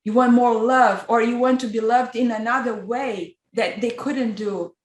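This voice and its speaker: A woman hosting an interview, speaking slowly and reflectively, gently explaining ideas. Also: a little high, steady tone. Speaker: host. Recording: echoey room.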